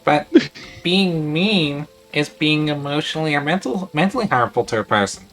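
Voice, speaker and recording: A man casually describing his character's reactions at a tabletop game, tripping over his words. His voice is fairly high and bright, with lively pitch movement. Faint music plays underneath. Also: normal speed. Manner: narrates his character's reactions with stumbling restarts. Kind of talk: casual role-play chat.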